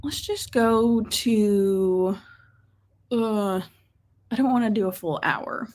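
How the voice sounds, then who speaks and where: A young woman hosting a casual livestream, reading viewer comments aloud and reacting brightly. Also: mid-range voice, takes it slowly, long pauses. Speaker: livestream host.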